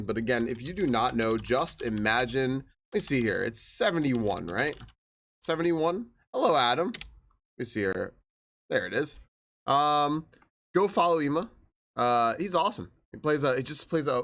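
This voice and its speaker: A man's voice: medium pitch, a bit bright. A young man live-streaming a game, chatting in an upbeat way and greeting his viewers one after another.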